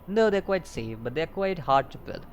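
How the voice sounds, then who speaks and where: A man's voice: a little high, expressive, moderate pace, muffled recording, a little hiss or hum, pitched above the performer's own voice, natural voice. A man reading aloud as a friendly young female airship pilot, with small stumbles.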